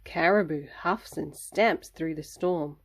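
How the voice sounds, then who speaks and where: A woman reads a children's picture book aloud at an unhurried pace. Her delivery is sing-song and gentle, and she voices the animals' sounds as she goes. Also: low-pitched.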